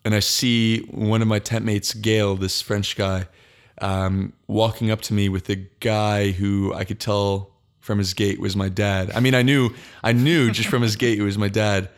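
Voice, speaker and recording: A young man telling a long personal story in casual podcast chat, halting often and restarting his sentences. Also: fairly low pitch, flat delivery. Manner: halting, frequent restarts and fillers.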